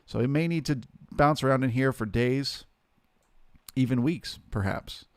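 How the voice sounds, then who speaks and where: A man hosting a live trading stream, talking through the market in a relaxed, chatty way and greeting viewers by name. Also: mid-range voice, measured pace, smooth, no echo, clean studio sound.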